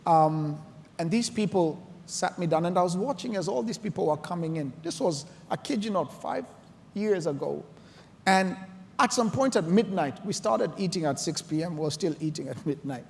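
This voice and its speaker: A man's voice: sits high, expressive, normal speed, gravelly, a little mellow. A man giving an earnest conference talk, telling stories and building to emotional points. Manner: earnest, storytelling, emotional emphasis. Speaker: conference speaker. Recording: long hall reverb.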